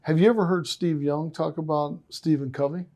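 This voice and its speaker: An enthusiastic man hosting a podcast, telling animated stories. His voice sits a bit high, with a mellow, dark tone. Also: moderate pace. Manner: enthusiastic, effusive, animated storyteller. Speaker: podcast host. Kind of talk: casual podcast conversation.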